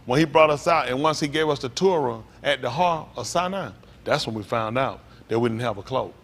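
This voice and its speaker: A man delivers a sermon as pastor. He alternates between slow, deliberate scripture reading and lively call-and-response commentary, often pushing up into emphatic, questioning exclaims. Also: medium pitch, slight background noise. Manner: reads scripture aloud slowly between comments.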